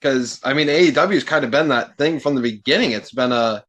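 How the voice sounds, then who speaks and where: A man's voice: medium pitch, a little fast. Exasperated, cursing man on a podcast. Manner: exasperated, swears freely, animated. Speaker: podcast guest. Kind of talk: casual podcast chat.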